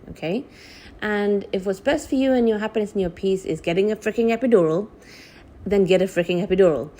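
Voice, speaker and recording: A woman recounts her own story in a loose, chatty way, speaking straight to her viewers. Her voice is warm, mellow and gravelly. When she acts out what she said back then, her pitch jumps up high. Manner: animated, reenacts her own past words with big pitch jumps. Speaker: vlogger sharing birth story. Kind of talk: casual storytelling to camera.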